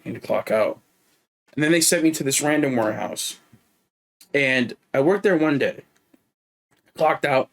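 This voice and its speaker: A man co-hosting a podcast, telling stories in casual chat, animated and swearing often. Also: medium pitch, normal speed, gravelly, pauses often. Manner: animated, swears often, tells stories with lots of quoted back-and-forth. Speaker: podcast co-host.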